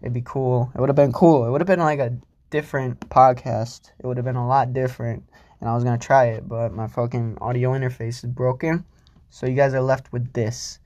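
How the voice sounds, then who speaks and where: A man's voice: medium pitch, fairly even intonation, normal speed, darkish tone, dry recording, highs cut off. A young man hosting a solo podcast, rambling casually and swearing freely, mocking himself as he goes. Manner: rambling, profane, self-mocking. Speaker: podcast host.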